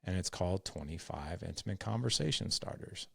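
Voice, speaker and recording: A man's voice: sits low, animated, brisk, gravelly, fairly bright tone, breathy edge, no echo, clean studio sound. A middle-aged man hosting a podcast, talking earnestly and rambling, with many restarts and retold conversations. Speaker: podcast host. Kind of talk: solo podcast talk.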